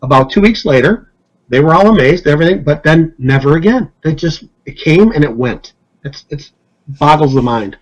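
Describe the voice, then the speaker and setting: A man's voice: normal speed, lo-fi sound. A man as a podcast guest, telling stories casually and acting out the people he quotes. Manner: animated, acts out quotes with rising pitch. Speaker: hypnotist guest. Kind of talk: casual storytelling.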